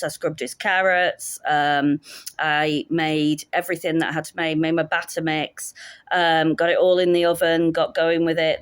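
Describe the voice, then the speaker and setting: Wry woman, low voice. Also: no room sound. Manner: wry, sarcastic storytelling. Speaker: teacher. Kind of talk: casual vlog storytelling.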